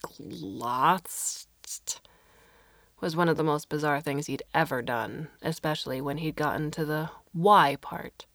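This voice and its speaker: A woman narrates a story in a fairly low voice. Her reading is expressive, and she slips into voices for the characters. The sound is dry and close, with no room echo. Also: moderate pace, few pauses. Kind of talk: audiobook narration.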